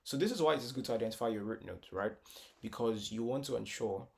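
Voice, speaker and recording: Guitar music plays clearly under the voice as a man gives a casual music lesson, thinking aloud, repeating words and singing brief solfa syllables to test notes. He speaks quickly in a mid-range voice with a darkish tone.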